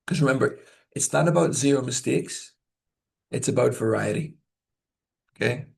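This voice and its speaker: A man working as a language test examiner, teaching learners in a deliberate way, often checking in with "okay?" and acting out example sentences to show stress and intonation. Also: medium pitch, creaky. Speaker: IELTS examiner giving tips.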